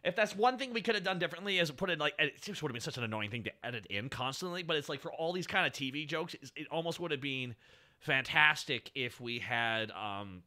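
A man's voice: medium pitch, bright, forceful tone. A man giving a rambling, casual creator commentary, with many restarts.

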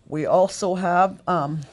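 This recorded language lesson comes from a middle-aged woman with a fairly low-pitched voice. She explains step by step and repeats words slowly with patience.

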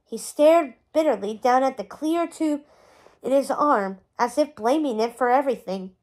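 A woman's voice: sits high, normal speed, a little mellow. A woman reading a chapter book aloud, narrating expressively. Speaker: storybook reader.

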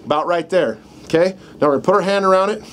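A man's voice: sits high, quick pace. A middle-aged man teaching outdoors how to use a game call, in a casual, folksy way that keeps checking in with "right?". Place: outdoors in the country, dogs barking nearby. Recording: faint outdoor background noise.

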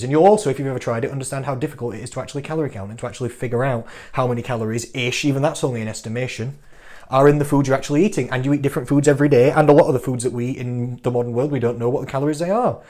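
A man, a fitness coach giving an energetic, teasing talk to camera full of rhetorical questions. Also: medium pitch.

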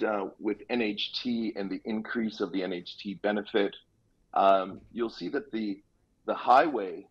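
A man speaking as a real estate guest on a radio interview, explaining things in an easygoing way with quick asides. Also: lowish voice, breathy edge. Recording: dull lo-fi line.

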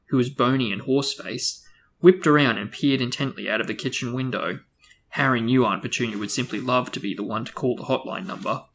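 A man's voice: medium pitch, fairly bright tone. Man reading a novel aloud. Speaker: reader and show co-host.

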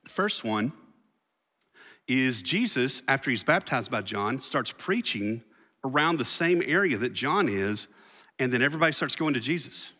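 A man's voice: medium pitch, expressive, moderate pace, bright, forceful tone. Guy pastor preaching, laid-back slangy storyteller, long echo of a church hall. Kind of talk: sermon.

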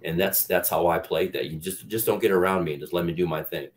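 A middle-aged man with a very deep voice talks as an actor guest on an interview show. He tells candid stories in a loose, rambling way, often restarting his sentences. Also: fast. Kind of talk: casual interview chat.

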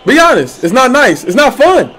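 A man streaming a football video game, trash-talking his opponent loudly with slang, swearing and laughter. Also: very high-pitched, big pitch swings, normal speed. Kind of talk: trash-talking gameplay commentary.

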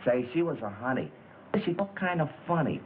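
A man's voice: medium pitch, big pitch swings, a little fast, faint music behind, close to an everyday voice. An actor playing a chatty young bellhop full of slang, eager to tell what he saw. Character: gossipy young hotel bellhop. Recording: tinny old film soundtrack with hiss.

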